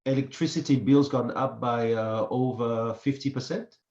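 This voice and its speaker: Halting man. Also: medium pitch, darkish tone. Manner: halting, repeats words and fills pauses. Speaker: podcast host. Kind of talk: casual chat. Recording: echoey room, dull lo-fi sound.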